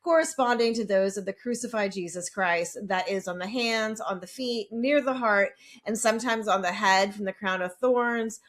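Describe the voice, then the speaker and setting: A woman in a middle-pitched voice co-hosts a casual podcast. She talks in a chatty, self-deprecating way and reads facts aloud between asides. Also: moderate pace. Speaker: podcast co-host presenting lore. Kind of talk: casual podcast recap chat.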